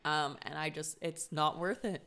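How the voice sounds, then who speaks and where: Young woman podcaster, lowish voice, rowdy storytelling, cusses a lot. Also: normal speed. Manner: animated storytelling, swears a lot, laughs often. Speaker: podcast co-host. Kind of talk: casual chat.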